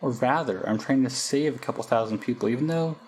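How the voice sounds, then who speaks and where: A man's voice: mid-range voice, fairly quick, a little hiss or hum, natural voice, rough recording. A man reading the lines of an impatient, earnest male doctor in his own voice. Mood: urgent. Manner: read flatly in own voice.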